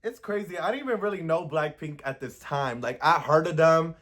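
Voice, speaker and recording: An expressive man hosts a music reaction in casual, chatty commentary. His voice sits somewhat high for a man, and he leans into words with playful emphasis. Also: fairly quick.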